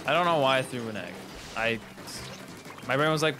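A man's voice: medium pitch, expressive, normal speed, background noise. A man livestreaming a video game, chatting playfully with his viewers. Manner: playful, jokey, talks to chat. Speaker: streamer. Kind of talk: casual game livestream chat. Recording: game music behind. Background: game music.

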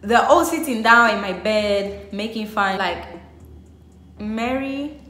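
In an echoey room with soft background music, a young woman vlogs a personal story in a mid-range, fairly bright voice at a slow pace. She keeps it chatty, dropping "like" again and again.

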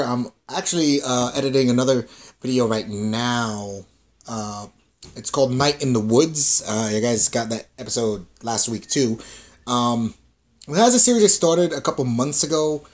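A young man hosting a gaming channel, chatting casually to viewers in a rambling way, with many fillers and some swearing. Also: on the high side.

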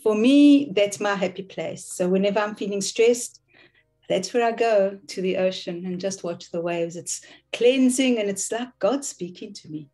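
A woman with a South African accent sharing gentle reflections on a group video call. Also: mid-range voice, moderate pace, faint music behind. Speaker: participant on a call.

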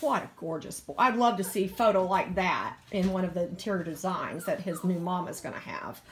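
A woman's voice: lowish voice, fairly quick. A middle-aged woman, a dog breeder gushing over a puppy in a casual home video filmed on a phone. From Virginia, USA. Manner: gushing, doting baby talk to a dog.

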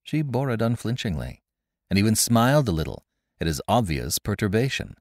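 A man narrating a classic story in a measured, expressive way, recorded close on a studio mic. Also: on the low side, no echo. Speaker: narrator and podcast host.

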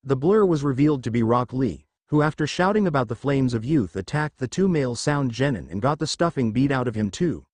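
A man reading fanfiction aloud as a narrator, in a steady read-aloud delivery. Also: medium pitch, dry recording.

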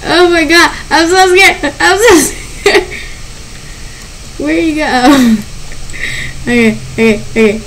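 A woman giving gameplay commentary as a channel host, excitable and panicky, often squealing and laughing. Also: high-pitched, slow pace, pauses often, slight background noise, low-quality recording.

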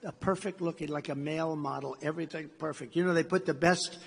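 A man's voice: on the high side, steady tone, fast talker, creaky, slight background noise. An older American man giving a meandering speech at a gala, repeating himself and acting out bits of dialogue, in a large hall. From United States. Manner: repetitive, meandering storyteller who acts out dialogue. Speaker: gala speaker. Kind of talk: rambling speech anecdote. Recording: reverberant hall sound.

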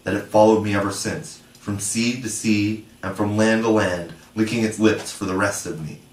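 A man's voice: lowish voice, measured pace. A man reading aloud, voicing a menacing, brooding pirate captain who talks darkly and passionately. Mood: dread. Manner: dark, passionate, threatening. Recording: echoey room, from far off.

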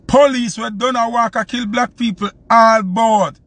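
A man's voice: extremely high pitch, fairly even intonation, a little slow, a bit bright, no room sound. A man from Jamaica with a Jamaican accent, hosting a live stream and ranting heatedly, repeating his points for emphasis. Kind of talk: live-stream commentary rant.

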